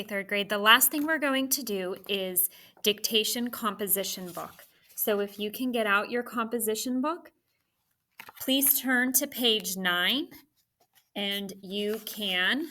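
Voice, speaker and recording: Teacher lady reading out sounds for kids to write, bright tone, takes her time. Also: mid-range voice. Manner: slow, clear instructions to third graders. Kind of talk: recorded dictation lesson.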